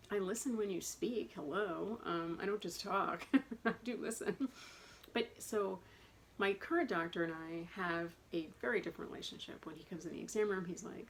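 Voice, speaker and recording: Chatty woman with a gravelly low voice. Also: normal speed, rough recording. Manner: chatty, rambling, self-described talker. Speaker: vlogger. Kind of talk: casual personal vlog. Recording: faint background noise.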